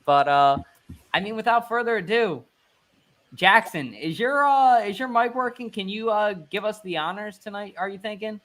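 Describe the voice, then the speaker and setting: A man's voice: sits high, lively intonation, normal speed, sharp tone. A man hosting a casual podcast, introducing his guest in an upbeat, hyped way. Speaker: podcast host.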